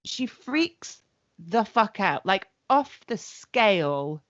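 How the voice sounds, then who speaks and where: A woman's voice: mid-range voice, sing-song, takes it slowly, a bit bright, no room sound, muffled recording. A woman co-hosting a casual podcast, blunt and sweary, recapping shows with quoted asides. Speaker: podcast co-host. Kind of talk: casual chat.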